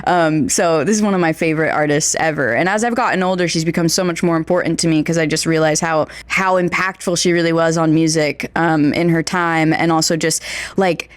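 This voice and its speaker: A woman's voice: low-pitched, fairly even intonation, brisk, no room sound. A woman in her twenties from Pennsylvania with a slight Pennsylvania accent, chatting as a guest in an interview in a record store and laughing often. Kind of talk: casual interview chat.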